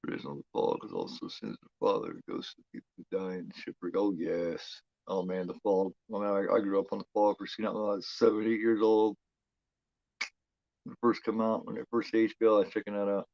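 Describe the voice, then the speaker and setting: A man's voice: fairly low pitch, brisk, creaky, darkish tone, dry recording, muffled recording. A man hosting a horror film watch-along, chatting in a rambling, profane way, full of "you know" fillers. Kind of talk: casual live commentary.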